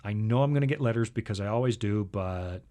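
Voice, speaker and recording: Speaking quickly in a lowish voice, this host of a laid-back Bible show starts out joking like a lively storyteller. Then he shifts into a firm, convinced lecture on history and scripture.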